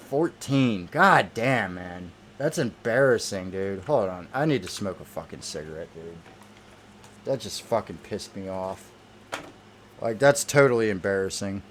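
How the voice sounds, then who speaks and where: A man's voice: deep voice, slight background noise. A man giving gameplay commentary, irritated and cursing heavily as he plays. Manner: irritated, heavily profane ranting. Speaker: gamer.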